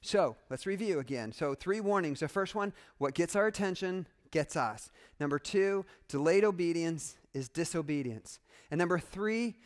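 A man preaching a sermon, swinging between quiet, measured stretches and loud, animated bursts. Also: fairly high pitch. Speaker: pastor.

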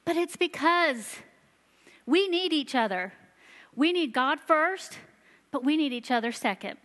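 High-voiced woman preaching in a reverberant hall. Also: expressive, a bit bright. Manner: earnest storytelling, slowing for emphasis. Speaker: church children's ministry leader. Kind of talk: sermon. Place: church sanctuary. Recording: long reverb of a large hall.

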